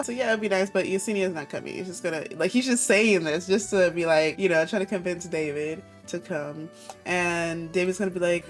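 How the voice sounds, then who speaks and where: Chatty woman narrating a life-sim game. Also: medium pitch. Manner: chatty, filler-heavy, giggly. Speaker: let's player. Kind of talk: casual gameplay commentary.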